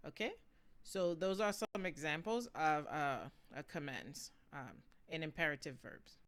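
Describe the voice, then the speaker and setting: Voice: medium pitch, animated, a little slow, fairly bright tone. A language teacher giving a casual spoken lesson, switching between languages and checking in often with "okay?" and "right?".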